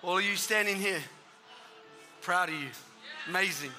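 A man's voice: sits high, normal speed, in a large hall. A man preaching an altar call in a church, exhorting people with repeated calls, recorded live at a service. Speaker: pastor. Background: worship music and congregation.

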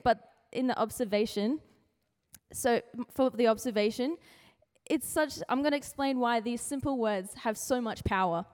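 A woman's voice: a little high, normal speed, darkish tone. A woman giving a casual, playful youth sermon, chatty and acting out quotes in comic little voices. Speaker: youth speaker sharing a devotion. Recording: hall with long reverb.

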